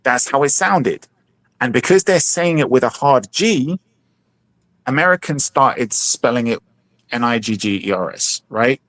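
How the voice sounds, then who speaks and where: A man's voice: mid-range voice, lively intonation, a little slow, a bit bright, dry recording. A man explaining things at length in a casual podcast discussion, with many hesitant restarts.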